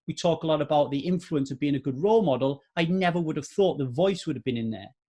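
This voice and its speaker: Male podcaster, 40s, earnest motivational monologue, pitched a bit high. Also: fast, warm tone. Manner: earnest, repeats points for emphasis. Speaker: podcast host.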